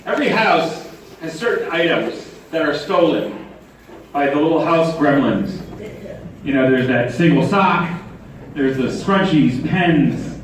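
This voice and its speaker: A man's voice: on the high side, animated, a little slow. A man giving a sermon as a rabbi, telling a story with humor and rhetorical questions. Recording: echoey hall, distant mic, faint noise.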